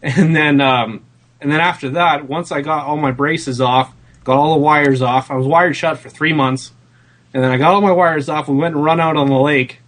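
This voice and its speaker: A man's voice: a little high, steady tone, moderate pace, a bit bright. Laid-back man recounting injuries. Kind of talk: casual podcast chat.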